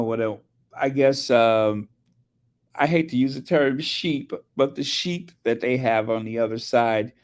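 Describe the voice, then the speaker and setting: A male host in casual commentary, voice sitting in a medium pitch. He speaks very slowly, hesitating and restarting as he goes. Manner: hesitant, many fillers and restarts. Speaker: channel host.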